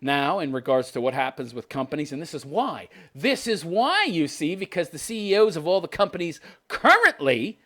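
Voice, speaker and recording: A man's voice: fairly high pitch, big pitch swings, normal speed, few pauses, fairly bright tone. A man in his fifties hosting a podcast, ranting scornfully and sarcastically, often breaking into laughter. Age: 50s. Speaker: podcast host. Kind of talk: political commentary rant.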